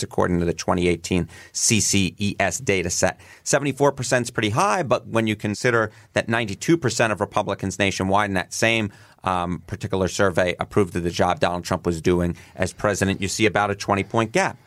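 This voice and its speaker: A man from New York co-hosting a political podcast, explaining polling data in an animated, numbers-heavy way. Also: on the low side, dry recording, clean studio sound. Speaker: political data analyst co-host. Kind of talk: casual political podcast chat.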